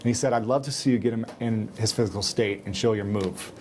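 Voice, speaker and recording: A man's voice: fairly low pitch, quick pace, darkish tone, slight background noise. Earnest young male interviewer. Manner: earnest, frequent back-channel agreement. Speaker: interviewer, host. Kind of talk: casual interview talk.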